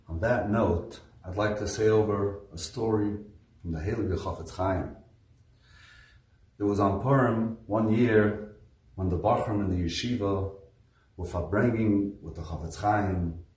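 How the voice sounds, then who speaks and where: A man, a rabbi, telling a story as a lecture in a slow, deliberate way that builds emphasis. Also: low-pitched, a little mellow. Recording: roomy sound from a distance.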